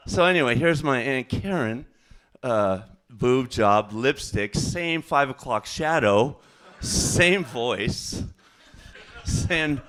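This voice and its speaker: A man doing a stand-up comedy set, rambling and halting, with fillers and self-corrections. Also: mid-range voice, animated, fairly bright tone.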